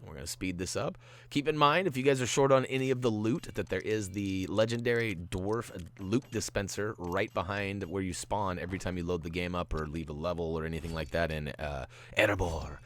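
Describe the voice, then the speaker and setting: Low-pitched and talking a little fast, this man guides viewers through a video game. He offers tips in a jokey, playful manner, throwing in goofy asides as he comments on gameplay.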